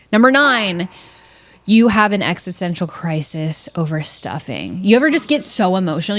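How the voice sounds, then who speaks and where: A woman hosting a casual solo podcast, blunt and jokey, swearing freely and slipping into high mocking voices. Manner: blunt, profane, jokey, mimics family members in high voices. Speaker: podcast host.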